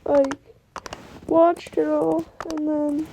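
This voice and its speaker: A young woman talking through tears in a personal vlog, halting and emotional, her voice breaking. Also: slight background noise, poor audio. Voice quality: high soft voice, halting and tearful. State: crying.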